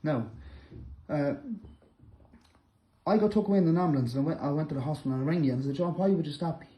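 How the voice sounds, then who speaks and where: A middle-aged man, angrily calling out a rival directly to camera, accusing and repetitive, breaking into loud bursts. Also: fairly high pitch, fast, highs cut off. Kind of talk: angry direct-to-camera callout.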